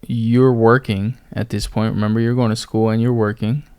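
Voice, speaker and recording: Youngish guy, lowish voice, rambling chatty testimony, lots of "i was like". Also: level tone, moderate pace, darkish tone, clean tone. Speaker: testimony speaker. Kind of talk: casual storytelling.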